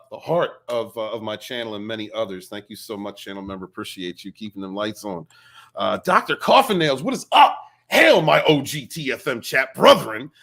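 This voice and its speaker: A man hosting a casual livestream interview, greeting chat members by name in a jokey, excitable way. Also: mid-range voice. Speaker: interview show host.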